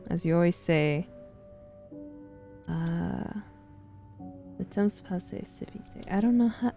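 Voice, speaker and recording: A woman's voice: medium pitch, mellow. A young woman casually commenting on a game she plays, laughing and swearing, and reading in-game letters aloud. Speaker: streamer playing a game.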